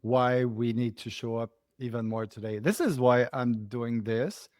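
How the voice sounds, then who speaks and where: A man's voice: medium pitch, measured pace, darkish tone, dry recording, studio quality. A man hosting a podcast, responding earnestly and encouragingly to his guest's story. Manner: earnest, encouraging, with small restarts. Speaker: podcast host. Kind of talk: conversational interview.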